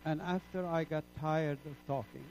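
A man from the Middle East preaching his own testimony in an impassioned sermon style. He is emphatic, dropping low and soft, then climbing to loud peaks. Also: steady tone, normal speed, slight background noise, rough recording.

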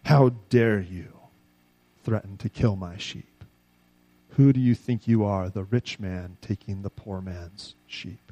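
A preacher doing a gruff indignant farmer. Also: male voice, fairly low pitch, slow pace, dark tone, pitched below the performer's own voice.

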